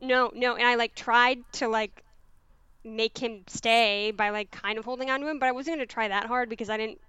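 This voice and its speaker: A woman telling a story in casual podcast talk, animated, swearing freely and using lots of fillers. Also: a little high, normal speed, clean tone, no room sound. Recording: dull, dry sound.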